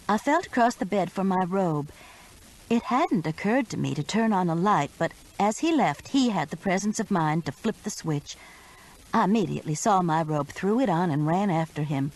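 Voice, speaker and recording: A woman's voice: lowish voice, animated, moderate pace, a little mellow, poor audio. A woman narrating a first-person mystery audiobook with urgent expression.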